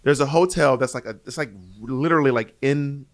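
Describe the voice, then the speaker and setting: A man's voice: medium pitch, fairly quick, no echo, clean studio sound. A man co-hosting a podcast in casual, teasing chat, often laughing. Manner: animated, laughing, playful teasing. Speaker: podcast co-host.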